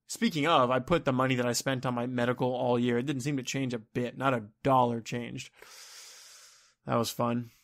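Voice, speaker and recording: A man's voice: mid-range voice, fairly even intonation, normal speed, fairly bright tone. Exasperated rambling man, ranting vlog. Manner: exasperated, rambling, swears often. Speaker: vlogger.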